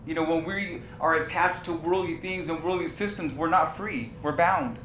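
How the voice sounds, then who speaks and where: A man's voice: moderate pace, few pauses, fairly bright tone. A male pastor preaching a sermon, telling a personal story with passion and repeating key phrases. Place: church sanctuary. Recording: echoey church room with faint rumble.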